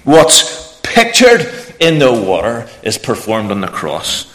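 A man preaching a lively children's talk in church, asking the children questions. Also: medium pitch, slow pace. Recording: echoey church room.

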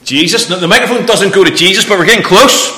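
A man preaching a lively children's talk in church, asking the children questions. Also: high voice, quick pace. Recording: echoey church room.

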